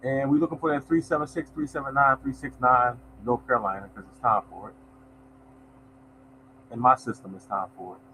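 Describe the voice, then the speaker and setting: A man's voice: mid-range voice, steady tone, brisk, bright, forceful tone, slight background noise, poor audio. A man hosting a lottery numbers show, chatting loosely to viewers and reading out numbers. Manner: loose, conversational, reads out numbers, addresses viewers as y'all. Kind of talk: casual livestream chat to viewers.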